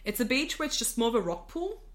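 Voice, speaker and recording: An Australian woman, a podcast guest, telling a story in casual chat, animated and full of "like" fillers. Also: on the high side, fast. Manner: animated, many "like" fillers, laughs often.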